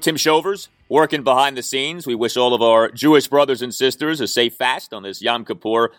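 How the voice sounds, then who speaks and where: A man hosting a sports podcast, delivering an emphatic, opinionated monologue that jumps up in pitch to stress his points. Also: fairly bright tone, no echo, clean studio sound. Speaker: podcast host.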